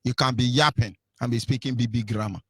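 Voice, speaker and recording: A man's voice: mid-range voice, fairly even intonation, quick pace, husky, no echo. A man with a Nigerian accent hosting an online radio show, fiery and mocking as he reads out phone lines. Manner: fiery, mocking, gives phone numbers repeatedly. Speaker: radio host. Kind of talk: radio call-in talk.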